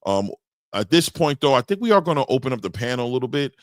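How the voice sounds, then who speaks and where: A man hosting a casual boxing chat show, talking loosely with repeats and shout-outs. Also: medium pitch, big pitch swings, fast talker, no room sound, clean studio sound. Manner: loose, repetitive, hypes guests with shout-outs. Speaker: podcast host.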